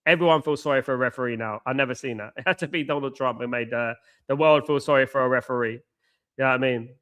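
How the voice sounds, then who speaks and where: A young man runs a live football watchalong stream. His voice sits at an everyday middle pitch but sounds bright and forward. He talks casually, bantering with viewers and circling back over the same points. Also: quick pace, clean tone. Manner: chatty, repeats himself, banters with viewers. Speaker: watchalong host reading live chat. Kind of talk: live stream commentary and chat.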